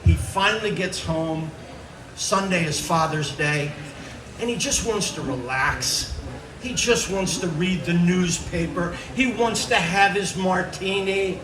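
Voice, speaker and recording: A man performing a stand-up storytelling set, animated as he acts out the tale. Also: on the high side. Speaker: comedian. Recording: echoey stage from far off with noise.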